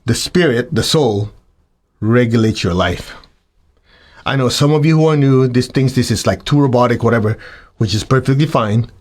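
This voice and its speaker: A man giving a spiritual talk to his students, animated and acting out the voices of students and of himself. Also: medium pitch, normal speed. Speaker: spiritual teacher.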